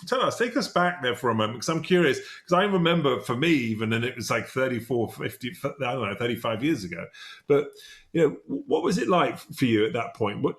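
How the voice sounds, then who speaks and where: A man in his fifties from Britain, hosting a podcast interview in a chatty, meandering way. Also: on the high side. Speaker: podcast host. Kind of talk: casual interview chat.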